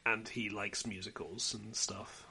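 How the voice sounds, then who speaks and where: A man co-hosting a film review podcast, chatting casually with a dry, wry manner and trailing off quietly at the ends of thoughts. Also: lowish voice, level tone, measured pace, gravelly, crowd noise. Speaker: podcast co-host.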